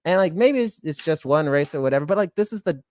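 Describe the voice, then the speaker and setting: A man rants on a podcast in a profane, exasperated torrent, his fairly high voice swinging up and down with feeling. The sound is dry and close-miked, with no room around it. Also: expressive, fast, darkish tone, no room sound. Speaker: podcast co-host. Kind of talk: heated ranting podcast talk.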